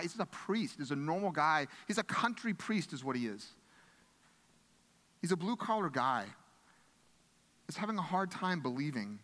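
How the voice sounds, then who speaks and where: A male pastor delivers a sermon in an earnest, conversational voice, often circling back and restarting his phrases. His voice sits a little high for a man. The sound carries a long reverb, as in a large hall. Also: a bit bright.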